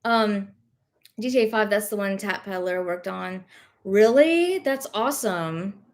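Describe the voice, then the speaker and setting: Speaking a little slowly in an expressive, mid-range voice, a young woman with a light Southern US accent chats casually on her livestream. She comes from the rural American South, works as a reseller, and has Covid. She rambles, reads viewer comments, and fills her speech with fillers and self-corrections.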